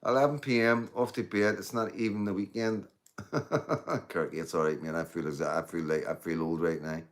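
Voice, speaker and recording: A man's voice: low voice, steady tone, normal speed. A middle-aged man, rambling and swearing through a casual livestream chat with viewers. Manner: rambling, swears freely, addresses viewers as mate and guys. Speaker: livestream host.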